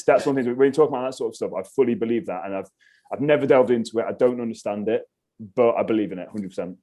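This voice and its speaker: A man, a podcast guest telling a story in casual chat, animated and swearing freely. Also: on the low side. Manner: animated, swears freely, acts out his own reactions.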